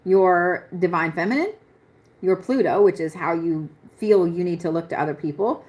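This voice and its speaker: A young woman astrology reader, with a fairly low, slightly mellow voice at normal speed, does a live-stream chart reading. Her delivery is blunt, peppered with swearing and frequent laughter.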